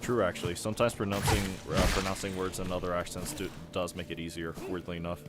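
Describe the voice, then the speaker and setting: A man's voice: sits low, level tone, quick pace. A young man rambling casually while he plays a game and answers chat, chuckling often. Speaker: gaming streamer. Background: game music.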